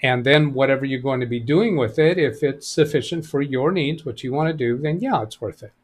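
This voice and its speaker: A middle-aged man hosting a live stream, reading out viewer chat and answering computer questions in a relaxed, thinking-aloud way. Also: medium pitch, fairly quick.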